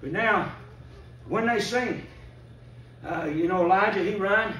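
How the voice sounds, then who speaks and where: A man's voice: high voice, unhurried, bright, forceful tone, slight background noise. An older man preaching a fervent revival sermon in a church, breaking into emphatic bursts as the congregation calls back. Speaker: visiting preacher. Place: church sanctuary. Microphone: distant room mic. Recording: echoey church from far off. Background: congregation calling out responses.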